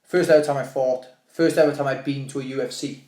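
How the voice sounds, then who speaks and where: Fast-talking Welsh man telling a story. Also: mid-range voice, roomy sound, a little hiss or hum. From Wales. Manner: animated, swearing, restarts and acts out quotes. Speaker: podcast guest, fighter. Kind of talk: casual storytelling chat.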